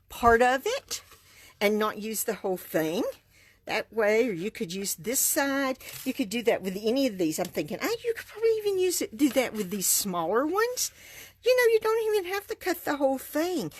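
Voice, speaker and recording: A woman's voice: high voice, no echo. Chatty, giggly woman crafter. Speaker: card-making demonstrator. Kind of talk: casual live stream demonstration.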